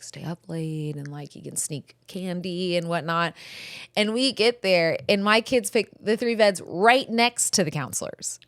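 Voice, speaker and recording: Woman host in her thirties, storyteller who swears a lot and does everyone's voices, somewhat low. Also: no echo, clean studio sound. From California. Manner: chatty storytelling, swears freely, acts out quoted people. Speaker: podcast host. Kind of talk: casual chat.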